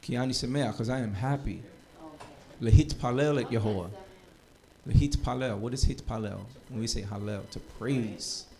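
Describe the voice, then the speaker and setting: Lively joking man teaching a class. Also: medium pitch, brisk. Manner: lively, joking, preacher-like urging. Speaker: Hebrew teacher. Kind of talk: live classroom lesson.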